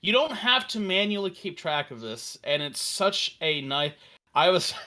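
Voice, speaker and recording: A man casually walking through a software demo on a live stream, enthusiastic and rambling, with fillers and restarts. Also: high-pitched, sing-song, measured pace. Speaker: developer demoing a virtual tabletop.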